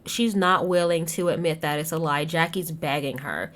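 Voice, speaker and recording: Woman, casual recap host, slightly low pitch, animated storytelling, talks straight to listeners. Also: normal speed, few pauses. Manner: animated, acts out quotes with big pitch jumps. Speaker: podcast host recapping reality TV.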